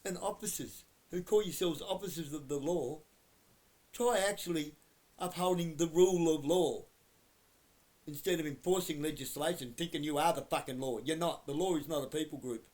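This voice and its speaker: A man giving a blunt, heavily profane rant to camera that keeps flaring into shouting. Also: a little high, brisk. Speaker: vlogger.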